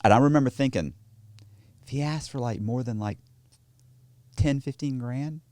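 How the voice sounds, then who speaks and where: A man's voice: medium pitch, moderate pace, no room sound. A man, a guest on a podcast, telling stories casually and with animation, often swearing. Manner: animated, profane, acts out the voices of others in his stories. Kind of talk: casual storytelling in a podcast interview. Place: podcast studio.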